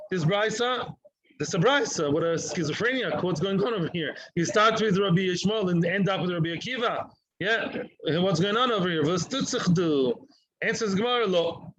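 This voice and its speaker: A man with a high-pitched voice teaches a daily Talmud lesson. He explains in an animated way, acting out each side and asking rhetorical questions before answering them. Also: muffled recording. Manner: animated, plays out both sides with rhetorical questions.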